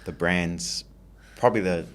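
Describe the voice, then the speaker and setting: A man, a content creator guest on a podcast, talking in a relaxed, easygoing way with lots of 'you know'. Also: low-pitched, measured pace, slight background noise. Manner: relaxed, easygoing, says 'you know' often, laughs lightly. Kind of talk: casual interview chat.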